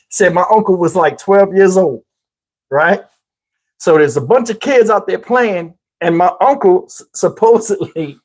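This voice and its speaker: A man's voice: sits high, slightly rough, rough recording. Chuckling, rambling storyteller man from New Jersey. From Camden, New Jersey, US. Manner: chuckles often while telling the story; animated, rambling with restarts. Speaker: channel host. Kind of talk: casual storytelling.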